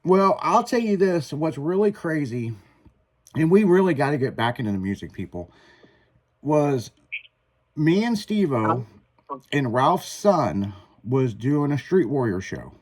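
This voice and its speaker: Man, radio host, lively voice, higher pitch, crude casual storytelling. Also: unhurried. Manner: profane, animated storytelling with laughs. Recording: radio show.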